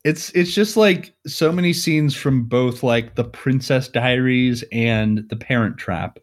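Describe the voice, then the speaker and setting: A man in a relaxed podcast chat, talking through a film's plot at a middling pitch. He rambles and leans on "like" a lot. He keeps breaking into small chuckles. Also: unhurried. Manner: rambling, heavy on "like", chuckles often. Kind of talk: casual movie recap chat.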